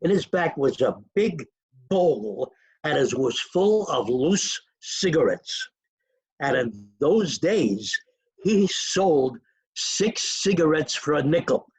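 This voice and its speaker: An older man, his voice gravelly and husky. He drifts from one memory to the next in a rambling, chatty way. The sound is close and dry. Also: on the high side, very animated, takes it slowly, no room sound. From New York. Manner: rambling, digressive storytelling with chuckles. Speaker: interview guest. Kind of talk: reminiscing in a casual interview.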